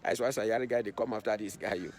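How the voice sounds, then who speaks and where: A man tells a casual, chatty story at a quick clip. Faint town noise sits behind him outdoors. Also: lowish voice, steady tone, a little mellow.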